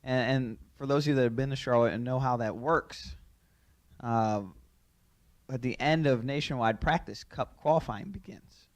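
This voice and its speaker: A man recounts a racing mishap in an animated storytelling manner, his voice sitting in a middle pitch. He chuckles through the telling and keeps the story rolling. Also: normal speed. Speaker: racing driver. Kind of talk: storytelling anecdote.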